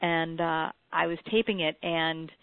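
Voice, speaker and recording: A woman co-hosting a talk show, telling an anecdote in a lively way and acting out what people said. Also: sits low, unhurried, dry recording. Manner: animated storyteller, acts out quotes. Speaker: podcast co-host, former radio interviewer. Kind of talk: casual chat, anecdote. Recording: dry, tinny phone-like sound.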